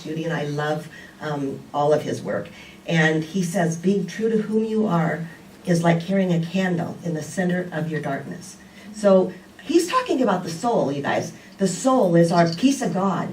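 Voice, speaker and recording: A woman's voice: medium pitch, slight background noise. An older woman giving a conversational sermon with many "you know"s. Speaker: speaker. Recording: roomy, distant with faint background ambience.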